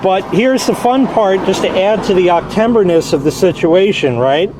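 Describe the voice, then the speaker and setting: A man with a rather high voice talks casually and wryly, rambling with the odd mild curse. He is outdoors next to a parked car, filming himself. Faint outdoor hum sits behind him. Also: moderate pace. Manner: rambling, wry, swears lightly. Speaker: car owner vlogging a repair. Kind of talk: casual vlog.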